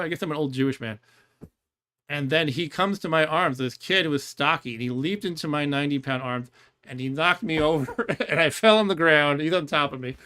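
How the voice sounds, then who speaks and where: Casting: rambling, easygoing male streamer, mid-pitched, talks through his gameplay. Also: pushed and bright, clean tone. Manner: chatty and rambling, laughs often. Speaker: game streamer. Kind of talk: casual gameplay commentary.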